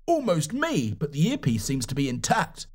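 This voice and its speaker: A man's voice: on the high side, huge pitch swings, moderate pace, a little mellow, husky, heavily acted. A man doing a blunt, swearing stranger. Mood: blunt, mocking. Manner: brusque, swearing, sarcastic.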